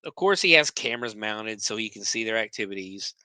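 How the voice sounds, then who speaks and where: A man's voice: on the low side, expressive, a little fast, bright, forceful tone, dry recording. A man hosting a podcast, recapping a movie scene by scene in a casual, profane, sarcastic way, often stumbling over his words.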